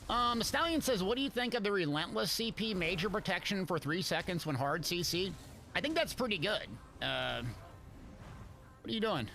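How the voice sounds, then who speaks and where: High, bright-voiced hyped male streamer. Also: lively intonation, moderate pace, gravelly. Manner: hyped, shouts and laughs during fights. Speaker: game streamer. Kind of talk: live gameplay commentary.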